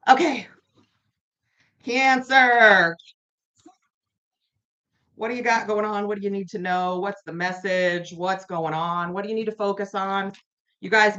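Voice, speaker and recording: A woman with a lowish, somewhat bright voice does a casual tarot reading on a live stream at home. She chats loosely, says things more than once, and talks directly to people in the chat. Audio comes through dull and lo-fi.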